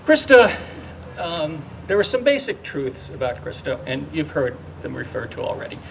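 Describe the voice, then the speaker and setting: A man's voice: on the high side, big pitch swings, vocal fry, a bit bright. Older man, ceremonial speaker, stumbling but earnest, distant mic with faint outdoor hum. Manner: halting, heartfelt, many fillers and restarts. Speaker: speaker at a memorial dedication. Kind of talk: ceremonial speech.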